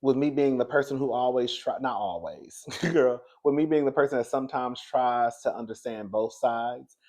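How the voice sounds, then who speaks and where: Here a man offers casual, sassy celebrity gossip, chatting with viewers he calls "girl." His pace is moderate, and his voice swings from hushed and low to high and excited.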